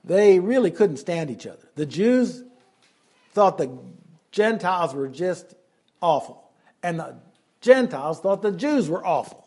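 A man preaching an expository Bible lesson, slowing down to stress key phrases. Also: high-pitched, very animated, mellow, husky.

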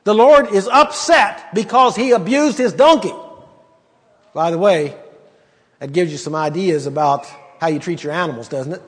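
A man's voice: high voice, normal speed, big-room sound. A man preaching a sermon and teaching from the Bible, talking conversationally and emphatically with rhetorical questions.

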